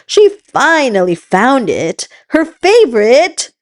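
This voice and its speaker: Slow sing-song woman reading to kids. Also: mid-range voice, sing-song, darkish tone. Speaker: children's book reader and host. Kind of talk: read-aloud storytelling for kids.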